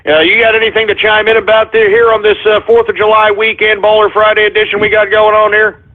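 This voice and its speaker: A man's voice: sits high, little pitch movement, fast. A man hosting a call-in radio show, agitated and swearing, a little out of breath. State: winded. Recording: phone-like narrow audio.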